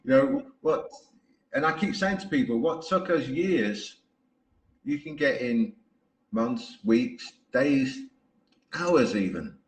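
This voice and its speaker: A man's voice: medium pitch, big pitch swings, takes it slowly. A man hosting a podcast, telling stories in a chatty way and laughing often. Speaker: podcast host. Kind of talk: casual podcast conversation. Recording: roomy echo.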